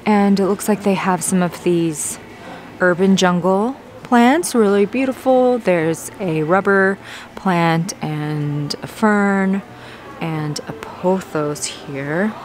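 A woman plant vlogger chatting casually as she browses a big box store garden center, easily excited. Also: mid-range voice, slow pace, a little hiss or hum. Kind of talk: casual walk-through narration.

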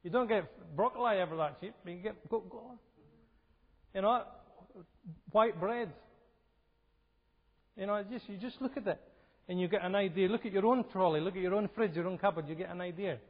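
A man's voice: sits high, brisk. A man giving a health seminar talk in a church, conversational and asking his audience questions. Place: church hall. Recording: lo-fi recording with hall reverb.

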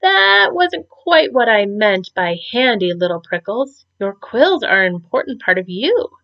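Storybook mother porcupine, read by a woman: tender and soft, lively pitch. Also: a little slow, vocal fry, lo-fi sound, heavily acted. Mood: gentle. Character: gentle mother porcupine, caring and soft-spoken.

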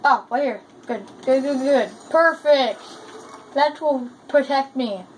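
A woman giving casual, chatty commentary while playing a shooter game, excitable and full of exclamations. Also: sits high, slow. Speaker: gamer. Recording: noisy gameplay capture.

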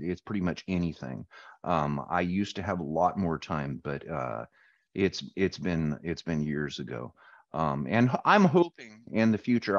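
Low-voiced hesitant male interviewer. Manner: hesitant, many ums and restarts. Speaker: interview host. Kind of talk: casual interview chat. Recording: dull, lo-fi call audio.

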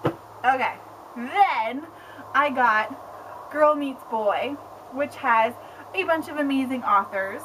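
A young woman book blogger chatting casually on camera at home, excitable and rambling, with lots of "like". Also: high voice, slow pace, pauses often, a little hiss or hum, rough recording. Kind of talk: casual vlog chat. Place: home with pets around.

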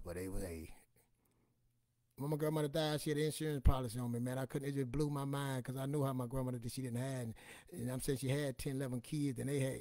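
Man, motivational storyteller, colloquial and animated, mid pitch, dry close sound. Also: no room sound. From Louisiana, US. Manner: animated, colloquial, swears casually. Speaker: motivational speaker.

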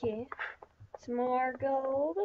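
She's a gaming channel host whose let's-play commentary is chatty, rambling self-talk stuffed with fillers. Her high voice is warm, steady, and slow, with the highs cut off and slight background noise.

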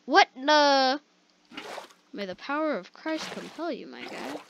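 Excitable young woman gamer, high lively voice. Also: measured pace, vocal fry, slight background noise, poor audio. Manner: excitable, jokey, talks to viewers. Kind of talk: live gameplay commentary.

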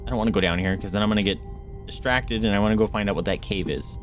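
A man streaming a video game live, reacting excitedly to what happens and chatting with his viewers. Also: on the low side, racing, faint music behind.

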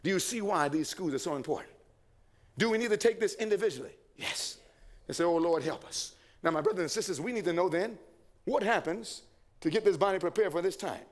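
A man's voice: sits high, lively intonation, a little fast. A man preaching a sermon, asking the congregation questions, answering them himself and reading quotations aloud.

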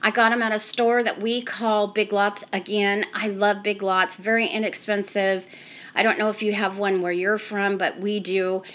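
A woman's voice: medium pitch, little pitch movement, moderate pace, fairly bright tone. A middle-aged woman giving a casual tour of her family room, chatty and rambling, recorded on a handheld camera she carries around. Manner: chatty, rambling, frequent "so anyhow". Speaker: home decor vlogger.

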